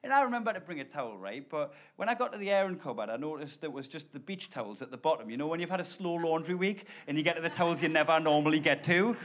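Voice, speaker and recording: Male stand-up comic, high, lively voice, chatty and direct with the crowd. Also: quick pace, hardly any pauses. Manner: animated, conversational, addresses the crowd directly. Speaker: stand-up comedian. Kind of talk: live stand-up storytelling. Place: stage before a live audience.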